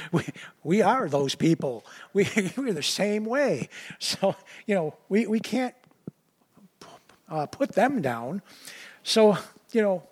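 Man, preacher, sermon, high voice, husky, casual asides. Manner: conversational, full of "you know" and restarts.

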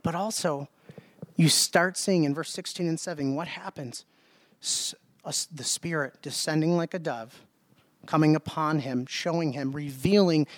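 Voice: medium pitch, darkish tone, dry recording. A preacher giving a sermon, speaking emphatically, asking rhetorical questions and repeating words.

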